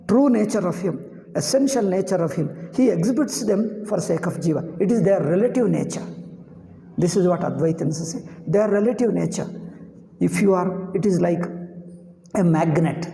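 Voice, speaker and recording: A man's voice: high voice, gravelly, warm tone. A man giving a spiritual discourse on Vedanta. He repeats his phrases as he explains and chuckles at his own points. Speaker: Vedanta teacher. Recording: roomy hall with long reverb.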